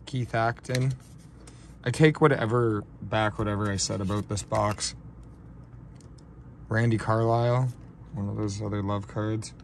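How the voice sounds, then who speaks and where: Slow, low-voiced man opening trading cards. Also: creaky, slight background noise. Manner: slow, low-key talk between excited outbursts. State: shaky and overwhelmed with excitement. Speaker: card-breaking channel host. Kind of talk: casual card-opening vlog.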